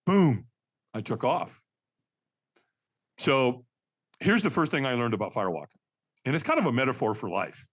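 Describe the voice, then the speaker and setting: A man's voice: medium pitch, sing-song, normal speed, long pauses, a bit bright. A man on a podcast telling a story, acting out quotes in shifting voices and calling the host Doc. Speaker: podcast guest, firewalking instructor. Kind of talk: animated storytelling.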